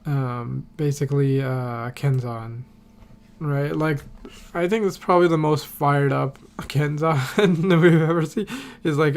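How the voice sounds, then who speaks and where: A man's voice: medium pitch, steady tone, drawn-out words, vocal fry, long pauses, a little hiss or hum. A man recapping a TV episode on a podcast in a casual, rambling way, full of fillers and casual swearing. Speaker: podcast host.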